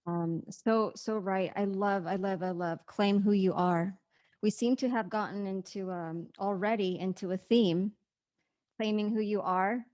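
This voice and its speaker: A woman's voice: medium pitch, fairly even intonation, a little slow, a little mellow, dry recording. A woman hosts an online event in a dry, close recording. She is effusive, trips over her words and restarts often. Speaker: rally host. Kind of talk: casual online event hosting.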